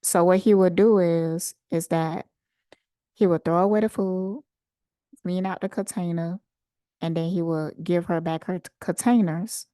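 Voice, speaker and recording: A woman host casually telling a personal story in an unhurried, animated way. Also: lowish voice, smooth, no echo, clean studio sound. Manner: unhurried, conversational, animated retelling. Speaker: channel host.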